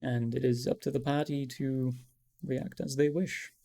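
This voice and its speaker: Relaxed man narrating as game master. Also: mid-range voice, unhurried, gravelly. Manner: relaxed, descriptive, many fillers.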